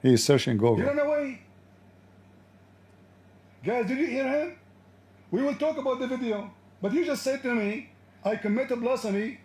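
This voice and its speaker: Mocking, combative high-voiced man. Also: very animated, normal speed, long pauses, a little mellow, reverberant. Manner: mocking and combative, taunts and laughs at caller. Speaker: debate livestream host. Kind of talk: heated live call-in debate.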